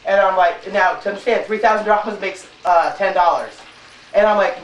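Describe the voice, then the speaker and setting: A woman's voice: medium pitch, recorded from a distance. Rambling woman cooking in an echoey kitchen. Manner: loose and chatty, many filler pauses, gets animated in the anecdote. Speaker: cooking show host. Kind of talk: casual rambling storytelling while cooking. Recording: roomy sound, voice off-mic, faint noise.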